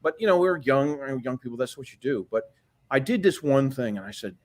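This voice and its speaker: A man's voice: medium pitch, animated, fast talker. A man in his sixties, a podcast guest telling a long story, profane and rambling, with frequent restarts. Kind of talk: storytelling interview.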